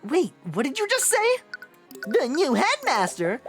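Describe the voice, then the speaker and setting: An earnest young male attorney from a visual novel game, read by a woman. He questions people in a measured, inquisitive way. His voice rises and falls widely. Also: high voice, huge pitch swings, soft background music, pitched above the performer's own voice, full character voice. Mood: questioning. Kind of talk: voicing a visual novel character.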